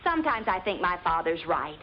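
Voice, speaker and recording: An actress playing a scheming, bossy young woman in a 1950s sitcom, brisk and commanding. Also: on the low side, big pitch swings, a little hiss or hum. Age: young adult. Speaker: daughter. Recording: dull lo-fi 1950s TV audio with music.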